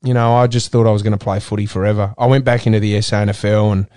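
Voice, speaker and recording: A middle-aged Australian man, a former footballer turned radio presenter, talking candidly in an interview, earnest and halting with frequent restarts. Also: lowish voice, flat delivery, dark tone, smooth, no echo, clean studio sound.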